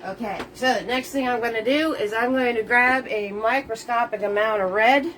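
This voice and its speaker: A woman's voice: fairly high pitch, moderate pace, fairly bright tone, a little hiss or hum, low-quality recording. A woman hosting a live painting lesson. She chats cheerfully with viewers, greets each one by name with pet names, and laughs often between steps. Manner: playful made-up words.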